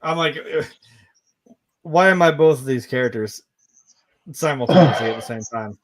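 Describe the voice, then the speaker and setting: A man's voice: mid-range voice, animated, moderate pace. Chill guy on a movie podcast, swears a lot, laughs along. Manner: laid-back, swearing, laughing. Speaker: podcast co-host. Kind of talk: casual movie review chat.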